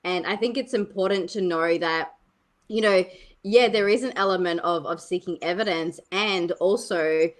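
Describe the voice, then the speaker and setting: A woman's voice: fairly low pitch, moderate pace. A woman speaking as a spiritual healer on a business panel, eager and casual with frequent fillers. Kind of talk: panel discussion.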